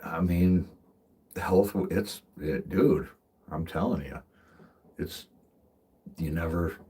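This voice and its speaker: Deep, dark and husky, this man's voice moves at a slow pace. He's a livestreamer and tree climber rambling casually from his vehicle as he drives, swearing freely and often breaking into laughter.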